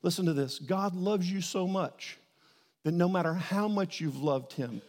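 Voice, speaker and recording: A man's voice: high-pitched, a little slow, darkish tone. A male pastor preaching a sermon, telling a story and rising to emphatic declarations. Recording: long hall reverb.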